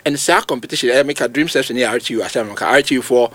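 A man with a Ghanaian accent giving emphatic, animated football commentary on a talk show, his voice jumping high at points of emphasis. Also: racing, no room sound. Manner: emphatic, animated, rising to sudden high outbursts. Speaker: football pundit. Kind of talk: radio sports talk, mixing Twi and English.

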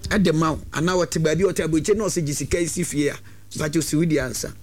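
A man giving lively, preachy advice on a talk show, sometimes breaking into shouts. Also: on the high side, quick pace.

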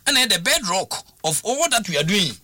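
Animated Ghanaian man, bright voice. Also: high-pitched, moderate pace. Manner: emphatic, repetitive, animated. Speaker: football pundit on radio. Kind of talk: sports talk radio discussion.

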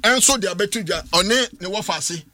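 High, bright Ghanaian sports radio man. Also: moderate pace, dry recording. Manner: emphatic, argumentative opinion delivery. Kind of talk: radio sports talk in mixed Twi and English.

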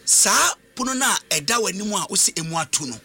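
Animated high-voiced Ghanaian preacher. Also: male voice, fairly quick, breathy edge. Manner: switches between English and Twi, lively call-and-response preaching. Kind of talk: sermon.

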